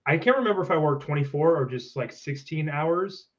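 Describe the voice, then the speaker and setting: A man's voice: on the high side, animated, fairly quick, highs cut off, over a noisy crowd. A man trading laid-back, profane jokes and stories in casual chat. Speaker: podcast guest.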